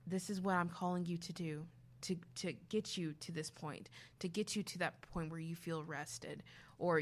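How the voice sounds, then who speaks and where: A woman co-hosting a casual faith talk, telling lively stories and acting out what people said. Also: on the low side. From grew up youngest of five. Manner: animated storytelling, acting out quotes. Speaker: podcast co-host.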